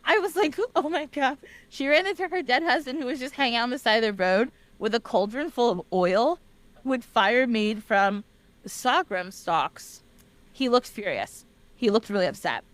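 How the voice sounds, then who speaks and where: A woman podcast host retelling a legend in a casual, animated way, often laughing and talking straight to listeners. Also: fairly high pitch, normal speed, no room sound. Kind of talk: casual storytelling.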